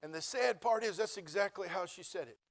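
A middle-aged man preaching a sermon, telling a funny personal story in a folksy, animated way. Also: sits high, a little fast. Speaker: preacher and Bible college teacher.

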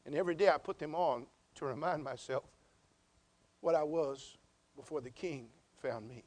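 Preacher doing an orphan boy in a story: hushed, earnest, humble, with a highish voice. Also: moderate pace, lightly acted.

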